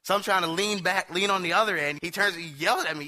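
A man's voice: sits high, fast talker. A man preaching a sermon in a conversational, storytelling way, often slipping into quotes from others. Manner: conversational storytelling, quoting others in animated asides.

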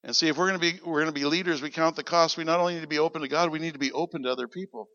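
Male preacher, gravelly and forceful, animated storytelling sermon, dry lo-fi recording. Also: fairly high pitch, rapid-fire, no room sound. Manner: animated, acts out quoted dialogue. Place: church. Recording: dull lo-fi sound.

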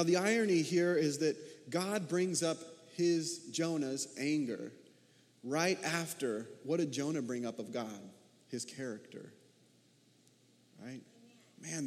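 A man in his thirties preaching a sermon as a pastor, talking in an animated way and asking his listeners many questions. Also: on the high side. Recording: long reverb of a large hall.

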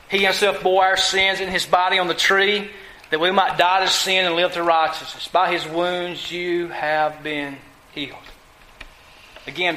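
A man's voice: sits high, bright, forceful tone, reverberant, low-quality recording. A man preaching a sermon, emphatic, asking his listeners questions and answering them himself. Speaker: pastor.

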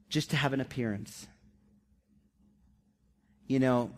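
A man's voice: mid-range voice, darkish tone. A male pastor giving a conversational sermon, acting out the quotes of everyday people in a raised voice.

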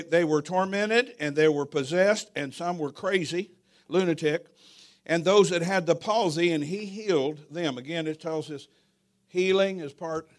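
High-voiced folksy pastor preaching. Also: male voice. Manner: folksy, humorous, animated storytelling. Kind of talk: sermon with storytelling.

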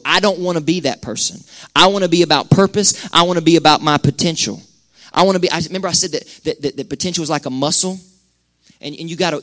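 A man preaching a sermon, conversational and impassioned, swinging from loud bursts down to hushed lines. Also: on the high side. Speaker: pastor. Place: church sanctuary.

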